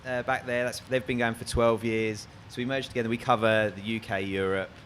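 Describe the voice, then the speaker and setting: A man's voice: mid-range voice, flat delivery, fairly quick, fairly bright tone, a little hiss or hum. A man with an Australian accent, moderating a panel in a chatty, joking way. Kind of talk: casual panel talk.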